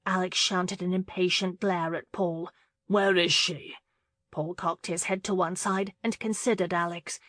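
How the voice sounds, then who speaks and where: A woman narrating a romance audiobook in a steady, measured way. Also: fairly low pitch, no room sound. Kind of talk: scripted narration.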